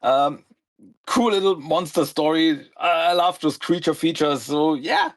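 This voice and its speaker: Higher-voiced man recapping comics casually. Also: lively intonation, a little slow. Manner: rambling plot summaries full of "uh" and "like". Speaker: podcast co-host. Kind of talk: casual comic review chat.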